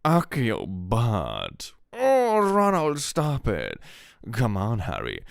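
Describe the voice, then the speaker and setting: A man voicing a shrill, whiny parody wizard-school kid, stretching each line out in a southern Swedish accent. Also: huge pitch swings, creaky, no echo, clean studio sound, full character voice. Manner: squealing, drawn-out overacted lines.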